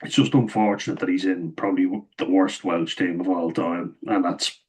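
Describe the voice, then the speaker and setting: An Irish man giving casual, opinionated rugby commentary, laughing often, his voice a little hoarse. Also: low voice, steady tone, moderate pace, poor audio. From Ireland. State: slightly hoarse, losing voice. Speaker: rugby pundit vlogger.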